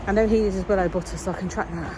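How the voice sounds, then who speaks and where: A woman with a medium-pitched, steady voice talks fast over background noise, rambling casually about her day in a daily vlog. She's walking outdoors and sometimes gets out of breath.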